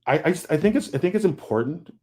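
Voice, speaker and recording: This comic book artist has a rather high, expressive, slightly mellow voice and talks at a quick clip. In a casual, candid video call panel, he's earnest, restarts a lot, repeats words, and acts out what he's thinking, all captured on a video call mic.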